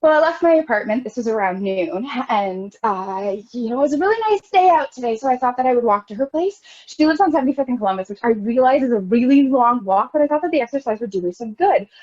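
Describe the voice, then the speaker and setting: Woman acting a neurotic young wife, high voice, wildly swinging pitch, rambling, near-tearful shouts, theatre monologue. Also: expressive, fast talker, few pauses. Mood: rambling, anxious. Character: neurotic, self-pitying young married woman. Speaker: actor in a scene study. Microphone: video call. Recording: dull lo-fi video call audio.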